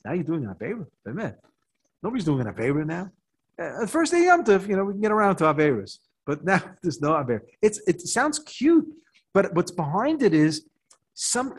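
An older American man, a rabbi, giving a Torah talk to a live audience and telling a story with rising excitement. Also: a little high, husky. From United States. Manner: animated storytelling, rises in excitement.

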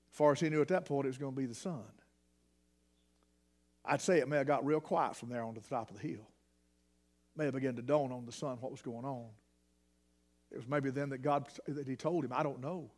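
A man preaching a sermon, swinging between hushed near-whispers and shouted emphasis. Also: a little high.

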